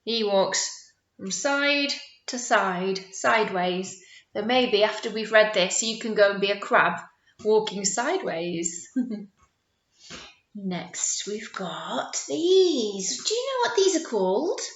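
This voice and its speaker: A woman teacher reading a picture book to young children, animated and encouraging, drawing words out and making playful sound effects. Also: medium pitch, slow. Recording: roomy, dull lo-fi sound.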